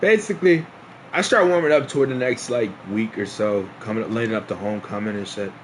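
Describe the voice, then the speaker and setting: A man's voice: on the low side, fast talker, a little hiss or hum. A young man streaming a casual storytime, laughing often and restarting his sentences in slangy talk.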